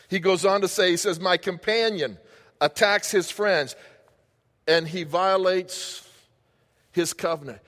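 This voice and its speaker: A man's voice: sits high, a little slow, long pauses, fairly bright tone. A man preaching a sermon as pastor, impassioned and conversational, talking straight to the congregation. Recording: long hall reverb.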